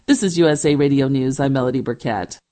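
A woman reads a radio news bulletin in a crisp, measured delivery. Her voice sits low for a woman and stays steady from story to story. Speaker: news anchor.

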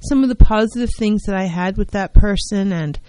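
Earnest, warm-voiced woman therapist. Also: mid-range voice, brisk, no echo, rough recording. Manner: earnest, emphatic, repeats key phrases. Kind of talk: self-help talk on mental health.

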